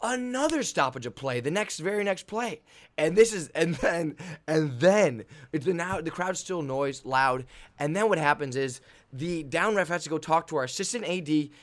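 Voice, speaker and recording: A young man hosting a podcast, telling a story in an animated, excitable way with many restarts. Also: on the high side, moderate pace. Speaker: volleyball player and podcast host. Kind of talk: casual storytelling.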